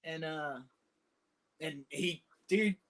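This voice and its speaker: A man's voice: a little high, extremely slow, fairly bright tone. A man and combat veteran, a podcast guest casually telling a war story in vivid, profane detail, full of "dude" and "man".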